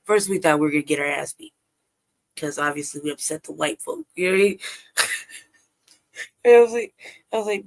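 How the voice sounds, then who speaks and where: A woman's voice: deep voice, quick pace, pauses often. A woman from Los Angeles telling a childhood story on a livestream call, swearing constantly and laughing often. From Los Angeles, California. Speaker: livestream guest. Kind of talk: casual storytelling.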